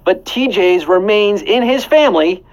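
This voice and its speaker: A man's voice: high voice, expressive, moderate pace, low-quality recording. A man hosting a live trivia game show, playful and jokey, breaking into song snippets between questions. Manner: playful, punning, sings snippets. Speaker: quiz show host.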